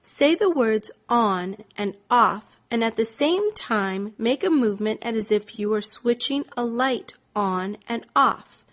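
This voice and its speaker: Slow, deliberate female reading teacher. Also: fairly high pitch, animated. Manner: slow, deliberate, stretched-out vowel demonstrations. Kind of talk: scripted instructional narration.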